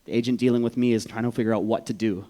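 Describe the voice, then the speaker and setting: A man, from Vancouver, telling a personal story on stage in an animated, profane way, acting out the voices. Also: mid-range voice, rapid-fire. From Vancouver, Canada.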